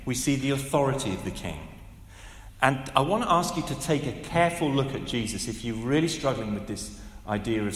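Male preacher, 50s, lively delivery, roomy church reverb. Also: mid-range voice. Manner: animated, conversational, with asides and rhetorical questions. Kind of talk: sermon. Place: large church hall. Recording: echoey hall with long reverb.

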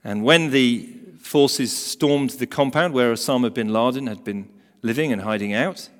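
A man preaching a sermon who tells a story emphatically, swinging between loud emphasis and hushed asides. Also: mid-range voice, normal speed. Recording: long hall reverb.

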